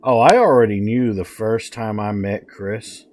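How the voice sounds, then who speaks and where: A man's voice: on the low side, unhurried, a little mellow, slight background noise. A man streaming live gameplay, swearing and trash-talking the game as he plays. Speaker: gaming streamer. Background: faint game music.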